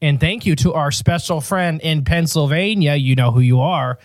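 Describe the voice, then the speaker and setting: A man with a slightly high voice co-hosting a podcast, rambling through updates and tossing out teasing jokes. He talks into a close studio mic with a dry, dead sound. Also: normal speed, no echo. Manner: joking, rambling. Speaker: podcast co-host. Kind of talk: casual podcast banter.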